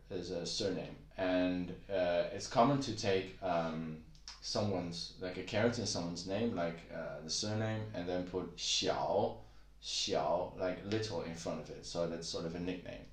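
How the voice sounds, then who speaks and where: A man giving a casual spoken lesson on pronunciation, relaxed and halting, with many fillers, slowly demonstrating sounds. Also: deep voice, reverberant. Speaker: language teacher.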